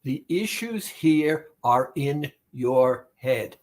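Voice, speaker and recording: Slow, deliberate man addressing the listener. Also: mid-range voice, expressive, a little mellow. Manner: deliberate, repetitive, emphatic. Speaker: therapist giving weight-loss advice. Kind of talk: monologue speaking directly to the listener.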